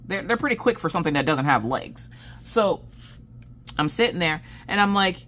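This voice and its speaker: A woman chatting casually on her craft channel, telling animated stories and laughing as she goes. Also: moderate pace, a little hiss or hum. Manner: animated, acts out quoted dialogue with big pitch jumps. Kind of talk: casual chat storytelling.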